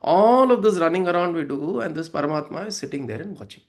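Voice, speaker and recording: Guy explaining spiritual verses, kinda high voice, chatty, keeps asking "right?". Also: animated, fast talker. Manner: conversational, acts out quoted voices, asks listeners "right?". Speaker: spiritual teacher. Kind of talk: devotional talk explaining verses.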